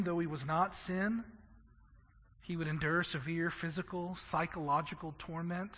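Male preacher, high bright husky voice, impassioned sermon delivery with stammered repeats, echoey hall. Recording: echoey hall, dull lo-fi sound.

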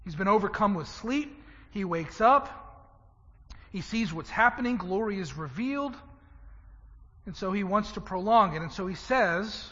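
High, bright-voiced preacher in a hall. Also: male voice, moderate pace, muffled recording. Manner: animated preaching, swings from loud emphasis to hushed. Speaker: pastor. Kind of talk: sermon.

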